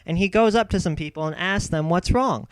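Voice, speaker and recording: Brief: young man, rambling comic storyteller, smooth higher voice, dry close sound. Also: brisk, no echo. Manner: rambling, self-interrupting, deadpan asides. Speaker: comedic storyteller.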